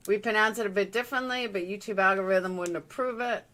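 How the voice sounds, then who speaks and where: A woman's voice: mid-range voice, fairly quick, few pauses, bright, forceful tone. A woman hosting a livestream, chatting loosely as she reacts to a live news feed. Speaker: livestream host. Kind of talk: casual live commentary.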